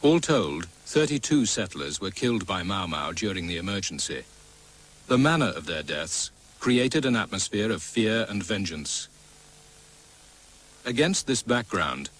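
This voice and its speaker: Low-voiced male documentary narrator. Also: very animated, fairly bright tone, poor audio. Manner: measured, formal delivery. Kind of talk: scripted narration.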